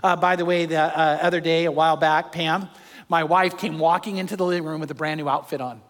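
An older man, a pastor and grandfather, preaching a sermon with animated storytelling and acted-out quotes. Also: a little high, a little fast. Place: church hall with long reverb. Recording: reverberant hall.

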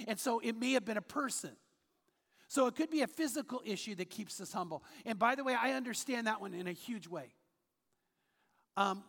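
Reading passages of scripture aloud, a man preaches with sincerity and a storyteller's flair, serving as pastor in a church auditorium. He speaks in a high-pitched, slightly bright voice, with a long reverb from the hall.

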